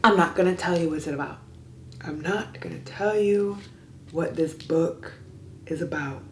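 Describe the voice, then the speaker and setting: A woman's voice: lowish voice, normal speed, slight background noise. A woman vlogging about books in a casual way, gushing with theatrical, exaggerated reactions. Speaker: book vlogger. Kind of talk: casual reading vlog. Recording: roomy echo.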